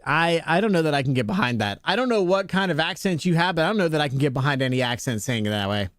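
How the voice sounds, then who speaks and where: A man's voice: lively intonation, fast, fairly bright tone, no echo, studio quality. A young adult man streaming a game, chatting casually with viewers in a laid-back, jokey way. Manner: laid-back, jokey, talks to chat, playful pitch jumps on jokes. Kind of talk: casual chat with live chat while gaming.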